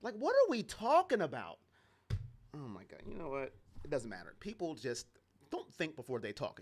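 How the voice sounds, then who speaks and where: A man's voice: fairly high pitch, huge pitch swings, moderate pace. A man giving casual play-by-play and reactions to a football game as a fan commentator, sarcastic and exasperated.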